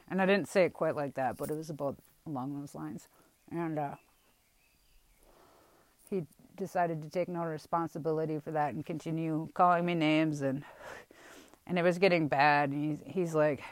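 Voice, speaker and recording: A young woman from Wisconsin talks candidly about her past in a rambling, halting way, with frequent restarts and blunt swearing. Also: low-pitched, no echo, rough recording. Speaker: vlogger telling a personal story. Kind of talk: candid personal storytelling.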